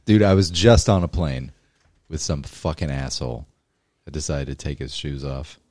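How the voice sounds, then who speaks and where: Very deep-voiced male podcast co-host. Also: normal speed, darkish tone, dry recording, studio quality. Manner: profane, complaining storyteller. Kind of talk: casual chat.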